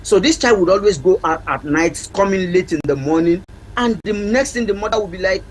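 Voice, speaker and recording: A man with a fairly high voice, talking as a parenting counselor on a TV talk show. He speaks earnestly and stresses his points by saying them again. A faint hiss sits under his voice. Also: a little fast, low-quality recording. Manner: earnest, emphatic, repeats key points to drive them home. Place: TV studio.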